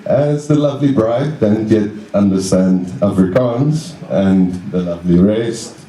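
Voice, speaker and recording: A young man giving a best man's wedding speech, halting and self-deprecating, chuckling along with his own jokes. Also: on the low side, dark tone. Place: wedding reception room. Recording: roomy echo, mic at a distance.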